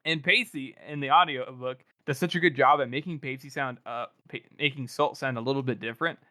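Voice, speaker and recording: A man's voice: medium pitch, fairly quick, pushed and bright, dry recording, clean studio sound. A male podcast co-host rambling casually as he recaps a book, with plenty of fillers.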